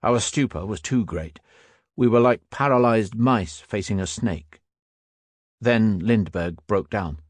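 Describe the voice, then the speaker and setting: A man narrating a first-person war memoir audiobook in a steady, grave manner. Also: fairly low pitch, slow pace, no echo.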